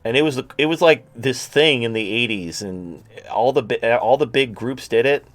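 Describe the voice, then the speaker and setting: A man's voice: medium pitch, normal speed, fairly bright tone. A man hosting a livestream, talking in a crude, rambling, sarcastic way. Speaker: host. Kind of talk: casual livestream talk.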